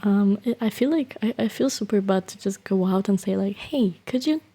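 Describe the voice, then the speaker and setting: A woman streamer talking softly and half-whispering to her chat from her bedroom, hesitant with many restarts. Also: medium pitch, moderate pace, slightly rough. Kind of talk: soft-spoken whispered chat. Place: bedroom at home. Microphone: desktop streaming microphone.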